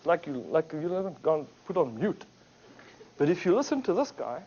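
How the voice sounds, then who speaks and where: Lively man telling business stories. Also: on the high side, normal speed. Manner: animated storyteller, acts out quotes. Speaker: speaker at a business talk. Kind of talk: anecdotal business talk. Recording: dull lo-fi recording.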